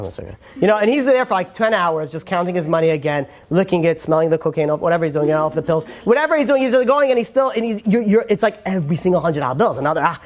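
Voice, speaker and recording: Fast-talking rabbi, chatty man. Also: sits high. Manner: chatty, acts out quotes, many fillers. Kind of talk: informal Torah class.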